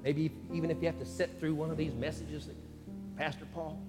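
A man preaching as pastor, his slightly raised voice carrying an earnest cadence full of pauses. The sound rings with a long church-hall reverb while a guitar plays clearly underneath. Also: on the high side, flat delivery. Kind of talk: sermon with spoken prayer. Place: church sanctuary. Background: soft guitar music.

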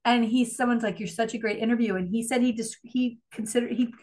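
A woman's voice: fairly high pitch, fairly even intonation, fast, darkish tone. A woman co-hosting a podcast in casual chat, rambling and gushing, swearing freely as she tells a story. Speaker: podcast co-host.

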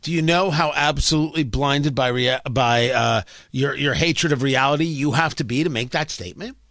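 A man's voice: medium pitch, moderate pace, a bit bright, no room sound, studio quality. A male talk radio host delivering a sarcastic, ranting opinion monologue.

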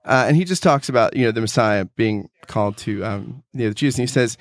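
A man chats about theology and reads a passage aloud with feeling. His delivery is animated and heartfelt, at a middle pitch. The recording is dry and close. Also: fast talker, no room sound. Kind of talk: casual theological discussion and reading aloud.

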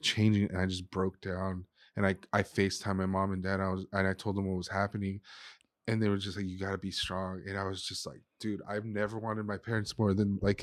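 A man's voice: deep voice, a little mellow, no echo, studio quality. A man in his thirties, a chef and podcast guest, telling a heartfelt personal story in casual talk full of "dude" and "like". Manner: emotional, heartfelt, says "dude" and "like" a lot.

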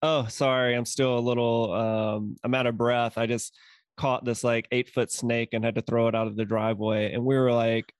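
A man hosting a podcast, asking curious questions in relaxed, chatty talk. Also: medium pitch, moderate pace, no room sound, studio quality. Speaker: podcast host. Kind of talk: casual chat.

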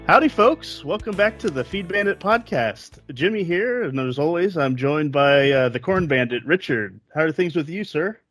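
A man's voice: a little high, animated, moderate pace, few pauses, fairly bright tone, dry recording, faint music behind. A man hosting a hunting podcast, friendly and folksy, reading promos. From Texas. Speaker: podcast host. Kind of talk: casual podcast chat.

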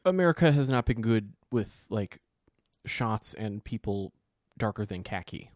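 Animated man in casual chat. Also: on the low side, measured pace, no echo, clean studio sound. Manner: animated, acts out quoted voices, joking.

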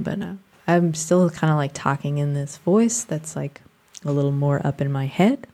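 A young woman radio DJ talking in a casual, rambling way, full of fillers. Her voice sits low, and she pushes it out with trained projection. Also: lively intonation, moderate pace, warm tone. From Boston area. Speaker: radio DJ guest. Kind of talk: casual conversation.

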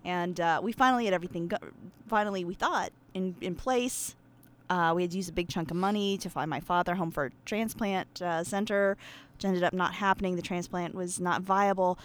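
A woman's voice: on the low side, brisk. A woman from Pennsylvania telling a long story in casual conversation, chatty and self-deprecating, with plenty of fillers. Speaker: guest.

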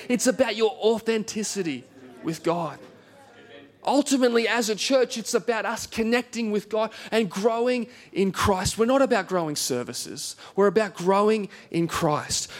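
A man, a pastor preaching a conversational sermon in church and telling a story with self-deprecating humor. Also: high voice. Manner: conversational, self-deprecating, acts out quoted voices.

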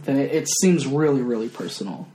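A man's voice: medium pitch, expressive, a little fast, crowd noise. A young man co-hosting a podcast in casual chat, teasing and playful. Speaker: podcast host. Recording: echoey room with faint ambience.

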